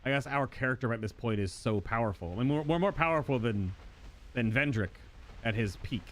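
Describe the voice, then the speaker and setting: A man's voice: mid-range voice, lively intonation, a little fast. A man streaming a video game, chatting casually and rambling to his viewers. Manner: chatty, rambling, talks to chat. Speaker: gaming streamer. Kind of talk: casual gameplay commentary.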